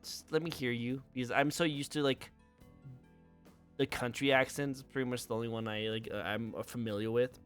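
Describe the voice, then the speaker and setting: A man's voice: medium pitch, steady tone, a little fast, faint music behind. A young man from the United States hosting a casual stream interview, upbeat, often repeating his phrases and laughing easily.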